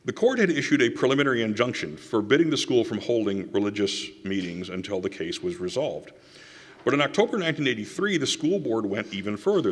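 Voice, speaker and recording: A man's voice: on the low side, husky. A man giving a conference talk, with wry, sarcastic asides and quoted passages read aloud. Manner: reads quotations aloud. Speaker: conference speaker. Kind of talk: public lecture. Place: lecture hall. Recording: reverberant hall.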